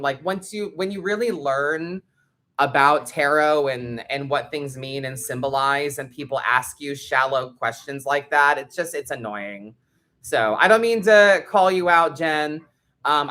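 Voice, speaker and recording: Hosting a live tarot stream, this woman chats with viewers casually and bluntly, swearing freely and addressing the chat directly. Her voice is deep with a slight brightness.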